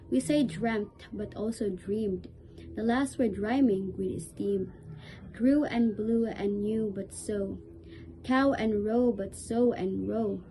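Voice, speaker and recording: A woman's voice: mid-range voice, mellow, low-quality recording. A woman reciting a rhyming poem, carefully sounding out each word in lists.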